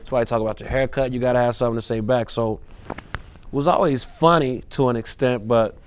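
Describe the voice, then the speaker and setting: A man's voice: medium pitch, fairly even intonation, fast talker, a little hiss or hum. A man in his thirties, a comedian as a guest in a casual interview, talking in a laid-back, rambling way with restarts.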